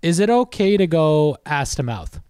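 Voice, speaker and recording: Man, podcast co-host, blunt, crude jokes, lively pitch, dry sound. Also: normal speed, clean tone, no echo. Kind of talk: casual chat, asking game questions.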